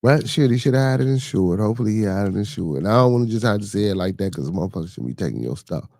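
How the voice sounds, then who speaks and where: A man's voice: on the low side, animated, very fast, gravelly, a little mellow, dry recording. A man hosting a casual podcast live stream, reading the chat and answering viewers in loose slang. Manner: laid-back, talks back to chatters with loose slang.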